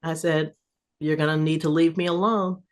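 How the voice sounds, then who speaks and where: A middle-aged woman, an improv festival curator, telling stories in a casual podcast interview, animated, laughing and swearing freely. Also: low-pitched, moderate pace.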